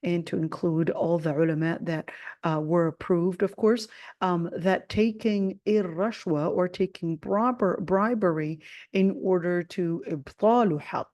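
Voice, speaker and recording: Woman, American accent, religious teacher, conversational, frequent fillers, lowish voice, dry close sound. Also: measured pace, no echo, highs cut off. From Jordan. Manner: conversational, many "of course" fillers; animated when retelling the story. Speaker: Quran teacher. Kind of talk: religious lesson with a personal story.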